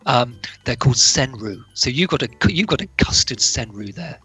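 A man's voice: medium pitch, animated, normal speed, fairly bright tone, slightly rough, faint music behind. A man, a guest author on a live radio show, chatting eagerly and reading his poems aloud. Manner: enthusiastic, chatty storyteller. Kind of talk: casual radio chat and poetry reading.

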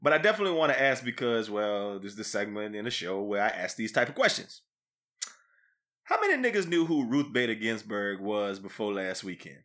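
A man hosting a podcast, chatting casually in an animated, slangy way with lots of laughter. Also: fairly low pitch, fairly quick. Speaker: podcast host. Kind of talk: casual chat.

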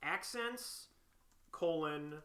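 Lively young man in an echoey room. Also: on the high side. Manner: animated, quick to bicker. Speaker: co-host. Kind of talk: comedic banter.

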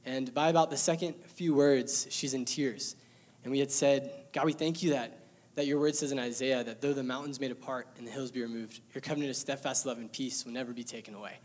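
Brief: young man, church testimony, heartfelt and emotional, mid-pitched, everyday delivery. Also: fairly even intonation, fairly quick, darkish tone. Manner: earnest, emotional storytelling with light laughter. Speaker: church member sharing testimony. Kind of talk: personal testimony to a congregation.

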